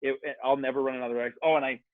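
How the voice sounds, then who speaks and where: A man on a podcast, telling a long story in a casual, animated, rambling way, swearing freely and saying "like" a lot. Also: medium pitch, very fast, dry recording. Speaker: podcast guest. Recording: tinny phone-like sound, dry.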